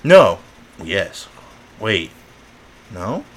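A young podcast co-host with a deep voice draws out his words while telling stories in casual chat. He is animated, acting out quotes and breaking into bursts of laughter.

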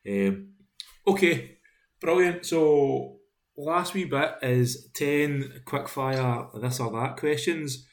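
Relaxed podcast host. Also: male voice, mid-range voice, takes it slowly, slight background noise. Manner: relaxed, jokey, with swearing. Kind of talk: casual podcast chat.

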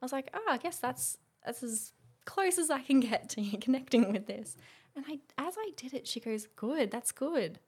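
A woman's voice: high-pitched, normal speed, slightly rough. A woman in her twenties chatting casually as a podcast guest, telling a story with acted-out quotes and frequent laughter. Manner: animated storytelling, acts out quotes, laughs often. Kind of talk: casual chat.

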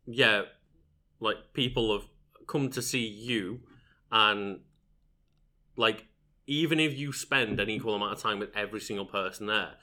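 Lower-pitched man, bright tone, relaxed co-host who thinks out loud. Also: a little slow, long pauses. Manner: relaxed, reasoning aloud with many fillers. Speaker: channel editor, co-host. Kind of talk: casual podcast chat.

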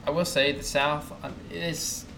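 A man's voice: fairly high pitch, flat delivery, measured pace, background noise. A young man from the American South co-hosting a podcast, talking in a casual, easygoing way. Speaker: podcast co-host. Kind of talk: casual chat.

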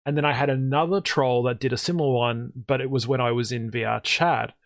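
A man of ordinary pitch chatting casually as host and spinning long anecdotes with lively energy. He often jumps into higher, excited voices when he acts out his own lines. The sound is dry and close, with no room around it. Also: fairly quick, no echo. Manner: animated storyteller, jumps into high excited voices when quoting himself. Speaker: podcast host and streamer. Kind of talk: casual chat.

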